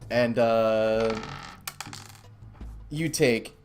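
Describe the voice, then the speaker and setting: A man's voice: medium pitch, steady tone, very slow, a little mellow, faint music behind. A man running a tabletop game as game master, chatty and loose, often laughing.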